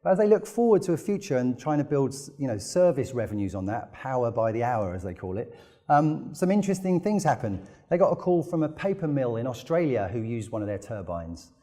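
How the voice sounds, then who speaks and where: Speaking fairly quickly with big pitch swings, this man from the United Kingdom has a dark, medium-pitched voice. At a conference, he delivers a business presentation full of enthusiastic stories and frequent "you know" fillers.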